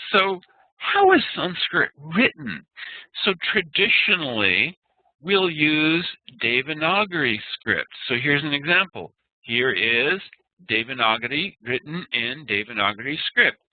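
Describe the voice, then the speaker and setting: A man's voice: on the high side, big pitch swings, measured pace, no room sound. A man teaching an online class, explaining patiently and spelling out sounds one by one. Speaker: Ayurveda instructor. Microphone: computer mic on a web meeting. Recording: dry, tinny web-meeting audio.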